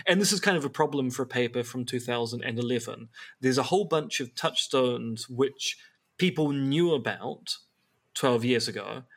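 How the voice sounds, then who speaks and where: Guy cohosting a podcast, mid pitch, wry and animated, jumps into quick asides. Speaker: podcast co-host. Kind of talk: casual chat. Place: apartment.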